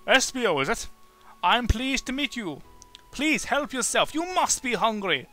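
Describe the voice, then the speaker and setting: A man's voice: very high voice, big pitch swings, unhurried, faint music behind, voice pushed up, exaggerated voice. A man playing a kindly, courteous caretaker. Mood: welcoming. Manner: courteous, formal, warmly reassuring. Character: kindly adult male caretaker, gentle and welcoming. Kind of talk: reading game dialogue aloud.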